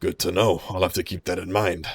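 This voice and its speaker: A man's voice: low voice, level tone, brisk, vocal fry, husky, full character voice. A man voicing a boastful, competitive male dagger-throwing rival in a tabletop game. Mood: grudging. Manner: cocky, competitive.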